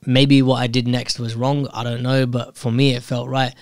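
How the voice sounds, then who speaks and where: A man's voice: mid-range voice, flat delivery, normal speed, a little mellow, no room sound. Man, casual monologue, candid, self-reflective, restarts sentences, dry close recording. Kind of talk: casual personal storytelling monologue.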